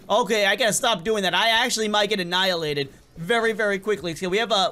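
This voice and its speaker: A man giving casual, excitable gameplay commentary as a gaming channel host, often stumbling and repeating words. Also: sits high, fast, hardly any pauses. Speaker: gaming YouTuber.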